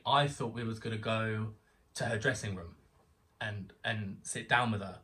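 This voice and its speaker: A young man from England telling an excited story as a guest, acting out the voices of people he quotes. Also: on the low side, moderate pace, distant mic. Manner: excitable, animated storyteller who acts out quotes. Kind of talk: casual storytelling chat.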